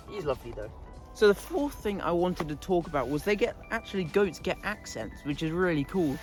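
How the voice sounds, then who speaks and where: A man's voice: high-pitched, sing-song, normal speed, soft background music. A man chatting casually to camera outdoors in a goat pen, laughing often and scolding his animals. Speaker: vlogger. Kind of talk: casual vlog talk.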